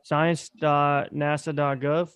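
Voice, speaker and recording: A man's voice: fairly high pitch, flat delivery, takes it slowly, fairly bright tone, smooth, no echo. A man co-hosting a podcast, speaking briefly and matter-of-factly in casual chat. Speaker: podcast co-host.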